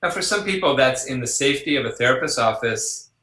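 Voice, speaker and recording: Bright-toned man in an echoey room, animated chatty interview guest. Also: medium pitch, fast. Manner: animated, acts out quoted voices, laughs along. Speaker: psychologist guest. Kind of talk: conversational interview storytelling.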